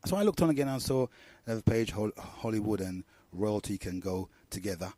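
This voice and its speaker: Middle-aged London radio host, rambling and slangy, warm low-key tone, dry close sound. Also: male voice, fairly quick, no room sound. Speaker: radio talk show host. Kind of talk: casual monologue.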